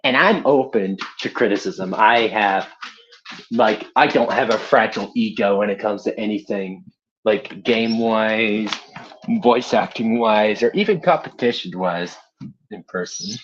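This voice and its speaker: A young man chatting on a live stream, rambling and self-deprecating about his amateur voice acting. His voice is fairly low, and he laughs easily. The audio is dull and lo-fi. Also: unhurried, fairly bright tone, slight background noise. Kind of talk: casual live-stream chat.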